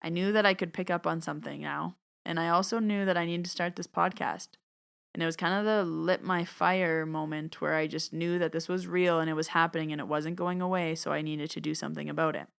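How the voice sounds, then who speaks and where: A woman hosting her own podcast, telling a personal story in a chatty, animated way and acting out what people said. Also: low-pitched, a little fast, gravelly, clean tone. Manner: chatty, animated, acts out quoted dialogue. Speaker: podcast host and medium. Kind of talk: casual storytelling monologue.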